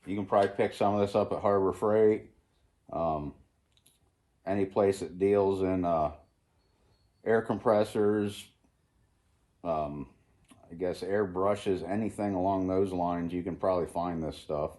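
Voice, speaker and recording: In a cold garage at home, a man hosting a DIY channel mutters to himself while handling his tools, relaxed and casual. His low voice moves a little slowly with long pauses, and the sound is echoey with faint noise.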